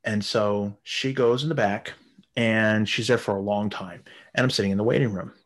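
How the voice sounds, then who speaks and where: A man's voice: on the low side, steady tone, moderate pace. Crude rambling man in his thirties. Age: 30s. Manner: crude, rambling, swears often. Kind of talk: casual anecdote.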